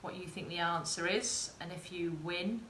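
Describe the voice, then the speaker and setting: During a live sewing demonstration, a woman tutor chats with viewers and encourages them. Her fairly low, fairly bright voice moves at normal speed, with slight hiss or hum, roomy echo, and faint ambience.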